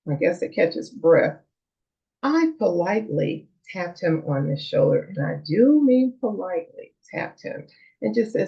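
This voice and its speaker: Animated middle-aged woman telling a story. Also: on the low side, moderate pace, vocal fry. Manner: animated, chatty with fillers. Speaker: vlogger. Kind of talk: personal storytelling. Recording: dull lo-fi recording.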